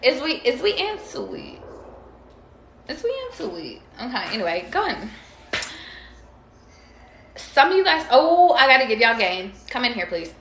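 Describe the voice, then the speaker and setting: A woman's voice: fairly high pitch, fairly bright tone, slight background noise. Slangy, chatty woman in a roomy echo. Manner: chatty, slangy and profane, addressing viewers directly. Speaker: tarot reader. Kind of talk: casual livestream reading.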